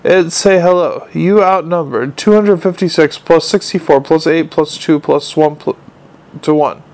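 Male narrator doing a dim, blunt troll cop with broken grammar, a bit raised in pitch. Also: measured pace, a little mellow. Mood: gruff.

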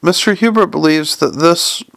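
A weary, unimpressed clerk, as a man puts him on speaks low and flat. The tone is a little gravelly, recorded dry and close. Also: normal speed, no room sound.

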